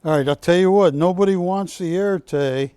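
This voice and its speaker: Jokey man pitching items on live TV. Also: normal speed, mellow, smooth, no echo. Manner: jokey, chatty salesman banter. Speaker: shopping channel host. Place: TV studio.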